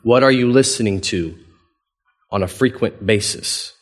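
A man preaching a sermon as pastor, conversational and playful, acting out quoted dialogue with big swings in voice. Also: measured pace. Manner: animated, acts out quoted dialogue with big pitch jumps; conversational, playful, chuckles often.

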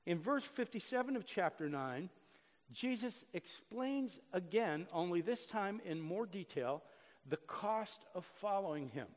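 High-voiced preacher in a reverberant hall. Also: male voice, expressive, a little slow. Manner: earnest, swings from loud emphasis to soft and low. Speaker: pastor. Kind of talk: sermon.

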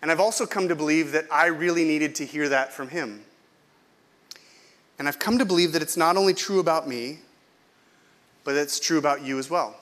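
A man's voice: a little high, moderate pace, pauses often, a bit bright. A middle-aged male pastor from California preaching a sermon in a conversational, self-deprecating way, often asking the congregation questions.

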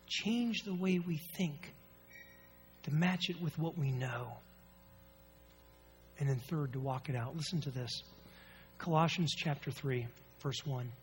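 Guy pastor giving a sermon, nasally allergy voice, storytelling then reading verses slow and punchy. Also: on the high side, faint music behind. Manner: storytelling, rising and falling emphasis, reads scripture slowly.

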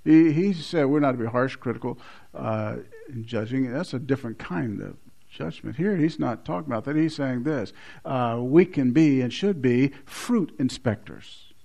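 Male preacher, sermon delivery, big swings from loud bursts to hushed low lines, repeats key words, mid-pitched voice. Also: normal speed, gravelly. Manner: swings from loud emphatic to low quiet stresses.

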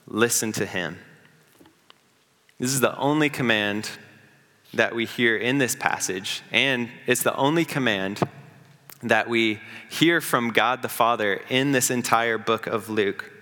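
A man preaching a sermon as pastor, earnest, building up and slowing down for emphasis. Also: medium pitch, pushed and bright, long reverb tail.

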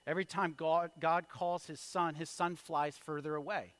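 Male pastor, 30s, fairly high voice, sermon storytelling, drops to a hush and then builds loud. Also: fairly even intonation, normal speed, no echo. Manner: storytelling with wide swings in loudness, from hushed to shouted.

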